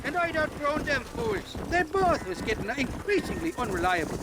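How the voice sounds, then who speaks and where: A man's voice: very high-pitched, big pitch swings, moderate pace, very noisy, heavily acted. An actor with an Irish accent playing a boastful, shifty male drunk horse thief in a game cutscene. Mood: chatty. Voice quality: sly, rambling, wheedling. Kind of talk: video game cutscene acting. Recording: game audio with loud outdoor ambience.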